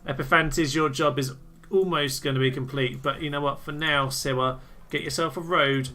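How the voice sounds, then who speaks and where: A man giving excitable, theatrical commentary on a strategy game he is playing, often laughing and cheering. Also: on the high side, normal speed, a little hiss or hum. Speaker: let's play host. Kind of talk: gameplay commentary.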